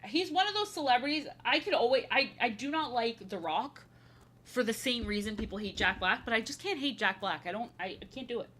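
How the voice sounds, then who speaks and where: A woman in her thirties with a bright, sharp voice chats casually on a live stream while she paints. She rambles, says the same phrase twice or three times over, and sounds playful. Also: a little high, lively intonation, a little fast, slight background noise. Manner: playful, slips into silly voices.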